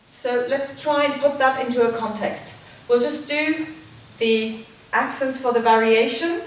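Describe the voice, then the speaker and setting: A woman dance teacher giving step-by-step instruction, counting beats and calling out steps in a steady rhythm. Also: on the high side, a little slow. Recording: echoey, distant, noisy room sound.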